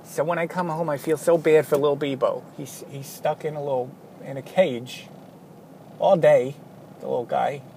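A man's voice: a little high, normal speed, vocal fry. A tired man rambling casually through a vlog, wandering off on self-mocking tangents. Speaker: vlogger. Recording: steady traffic noise behind.

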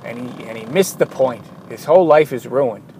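A man's voice: medium pitch, expressive, normal speed, mellow, a little hiss or hum, low-quality recording. A man hosting a solo podcast, ranting in a worked-up way, often interrupting himself and apologizing. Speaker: podcast host.

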